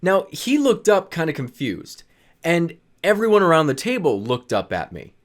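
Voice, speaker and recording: A young man casually telling funny stories from his high school days, acting out what his friends said and laughing as he goes. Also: moderate pace. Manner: animated, laughs while telling, acts out friends' lines. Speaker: storyteller vlogger. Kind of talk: casual storytelling.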